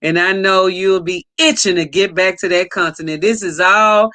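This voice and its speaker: A woman hosting a casual livestream, greeting viewers by name with enthusiastic shout-outs. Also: fairly low pitch, fairly even intonation, normal speed, dry recording. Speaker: livestream host.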